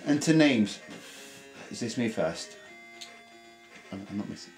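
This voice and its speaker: A man's voice: on the low side, sing-song, measured pace, faint music behind. A man playing a video game with friends, bantering in an easygoing way. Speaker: guest player. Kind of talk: casual chat while playing a video game.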